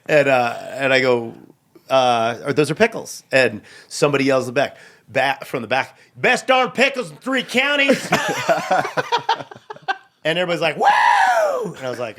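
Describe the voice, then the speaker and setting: A middle-aged man telling comic stories on a podcast, acting out the people in them and laughing often. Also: mid-range voice. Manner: lively, acts out voices of people in his stories, laughs often. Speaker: stand-up comedian guest. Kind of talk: animated storytelling on a podcast.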